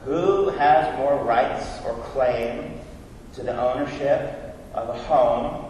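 A man's voice: medium pitch, slow pace, darkish tone, a little hiss or hum. A young adult man preaching a sermon in a church, with a conversational, teacherly manner that poses questions and answers them. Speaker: pastor. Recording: echoey hall from far off.

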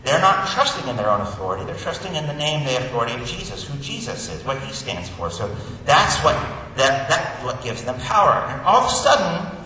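Animated preacher in an echoey hall. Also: male voice, mid-range voice, a little fast, slight background noise. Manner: animated storytelling, acts out voices for comic effect. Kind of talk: sermon. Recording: echoey hall, distant mic, faint ambience.

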